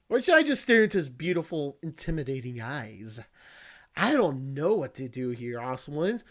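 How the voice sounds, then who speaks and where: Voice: medium pitch, sing-song, moderate pace, a bit bright. A VTuber reading a visual novel aloud, breaking off for joking, crude, teasing asides and frequent laughs.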